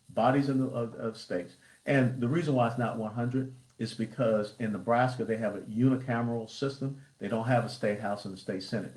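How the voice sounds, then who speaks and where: A man's voice: mid-range voice, a little mellow. A man talks straight to viewers in a political livestream, stacking up punchy lists and rhetorical questions. His voice sits in a middle register. The room around him adds a noticeable echo. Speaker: party chairman. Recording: roomy echo.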